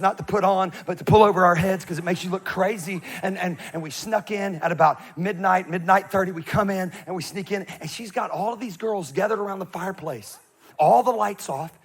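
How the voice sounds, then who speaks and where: High-voiced animated male preacher. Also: breathy edge. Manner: animated, acts out voices in his stories. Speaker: pastor. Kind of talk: sermon with comic storytelling.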